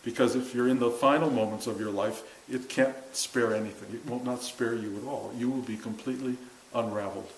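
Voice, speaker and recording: An older man speaks at an ordinary pitch, spinning a long story to a gathered group. He mocks himself and jumps into a higher, louder voice to act out other people's words. The room rings around him, with faint hiss underneath. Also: fairly even intonation, brisk, reverberant, low-quality recording. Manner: self-mocking, acts out quotes in a raised voice.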